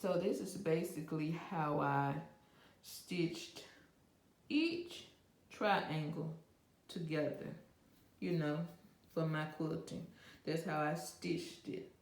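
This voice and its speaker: Quilting vlogger, woman, unhurried, chatty and encouraging, roomy home recording. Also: low voice, expressive. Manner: chatty, encouraging, many "you know" fillers. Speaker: quilting channel host. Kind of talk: casual show-and-tell vlog. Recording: echoey room.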